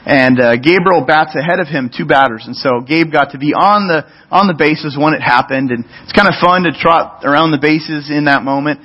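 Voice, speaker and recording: Middle-aged male pastor, relaxed conversational preaching, slightly high voice, dull lo-fi recording. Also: normal speed, hardly any pauses. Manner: conversational, storytelling, frequent restarts. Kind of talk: sermon.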